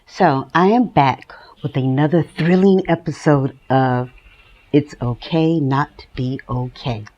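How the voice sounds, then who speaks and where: Woman podcasting from home, low slow voice, open and emotional, laughs a lot. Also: darkish tone, lo-fi sound. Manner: candid and emotional, laughs often. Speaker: podcast host. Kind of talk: personal monologue.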